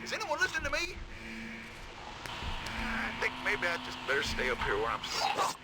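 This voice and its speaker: A man's voice: high voice, huge pitch swings, normal speed, full character voice. An actor playing a frightened male prison guard calling out on a radio in a video game, frantic and cursing. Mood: shaken. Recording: loud noisy game audio.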